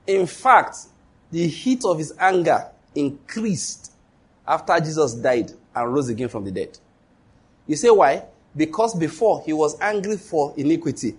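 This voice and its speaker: A pastor delivers a sermon in a slightly rough male voice. He is emphatic, poses rhetorical questions, and jumps up in pitch whenever he exclaims.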